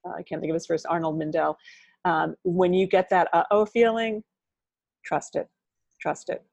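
A woman's voice: fairly low pitch, normal speed, vocal fry, a little mellow, no echo. An older woman talking as a podcast guest and author, rambling and full of sayings and "you know". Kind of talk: candid interview conversation.

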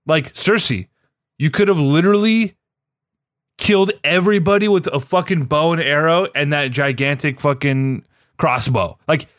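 A man's voice: on the high side, moderate pace, a bit bright, dry recording, clean studio sound. A man in a casual chat, ranting with heavy swearing and exasperation.

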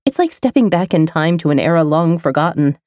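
Low-voiced woman narrating a romance. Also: animated, brisk, darkish tone, no room sound, studio quality. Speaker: audiobook narrator. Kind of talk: first-person romance narration.

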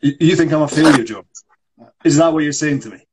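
A man's voice: fairly high pitch, fairly quick, background noise, voice pushed up, close to an everyday voice. A Scottish man reading the part of a frustrated, proud struggling actor in a script read-through, pushing back defensively. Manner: pushy, defensive complaining.

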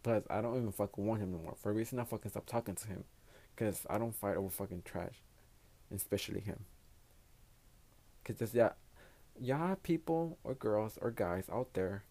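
A man's voice: on the low side, moderate pace, pauses often, mellow. A man hosting his own podcast in a casual solo monologue, a native Spanish speaker talking in English, giving blunt, profane, rambling advice. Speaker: podcast host.

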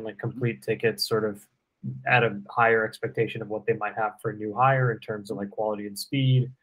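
Relaxed slangy young man, low voice. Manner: relaxed, slangy, profane, laughing. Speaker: podcast co-host. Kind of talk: casual chat. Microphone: headphones on a video call.

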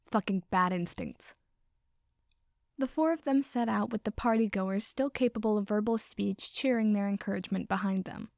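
A woman's voice: medium pitch, brisk, vocal fry, few pauses, a little mellow, no echo. Woman reading a story in a dry room. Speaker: reader. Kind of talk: fan fiction reading.

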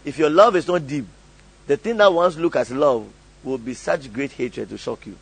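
Gravelly pastor leading call-and-response. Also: male voice, medium pitch, moderate pace, low-quality recording. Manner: urges the congregation to repeat lines and laughs often.

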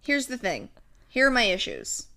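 A young woman co-hosting a casual chat about a sitcom, animated and quick to laugh. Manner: animated, laughs often, jumps into high squeals when amused. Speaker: podcast co-host.

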